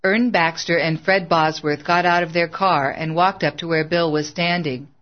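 A narrator reading a biography aloud in a steady, plain scripted style. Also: mid-range voice, normal speed, dull audio.

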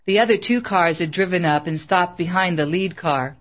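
A narrator reading a biography aloud in a steady, plain scripted style. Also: mid-range voice, normal speed, muffled recording.

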